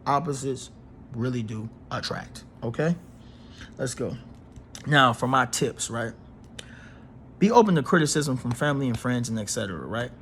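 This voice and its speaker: A man's voice: mid-range voice, animated, normal speed, pauses often, a bit bright, a little hiss or hum. A man giving a casual astrology reading to his viewers in an emphatic, preachy way. He repeats phrases and uses slang. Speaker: astrology reader.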